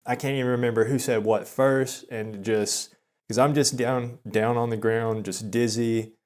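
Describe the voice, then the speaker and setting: A man in his thirties telling a personal story in a rambling, self-deprecating way, with many halting restarts. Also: medium pitch, fairly even intonation, a little mellow. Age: 30s. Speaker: vlogger. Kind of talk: confessional storytelling monologue.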